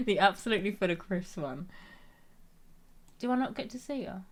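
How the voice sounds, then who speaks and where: A woman's voice: mid-range voice, animated, normal speed, long pauses. A woman, streaming a game and chatting in a giggly, rambling way. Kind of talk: casual gameplay commentary.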